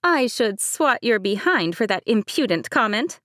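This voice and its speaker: Woman reader playing a bossy 73-year-old granny, higher and pushy, dry close audiobook read. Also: very animated, normal speed, a bit bright, no room sound. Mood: teasing. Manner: teasing, commanding.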